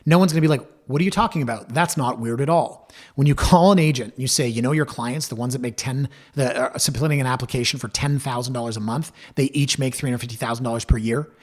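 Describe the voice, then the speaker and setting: Guy hosting a podcast, kinda husky voice, talks straight to "guys", mid pitch. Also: fairly even intonation, quick pace, few pauses, a little mellow. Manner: chatty and candid, acts out quoted voices, addresses listeners as guys. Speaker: podcast host. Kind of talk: casual solo podcast talk.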